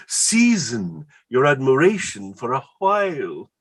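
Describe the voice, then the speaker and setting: A man reading the part of an excitable, word-smitten Elizabethan poet in a staged play reading, rhapsodic and quick to laugh. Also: lowish voice, breathy edge, heavily acted. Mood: rapturous.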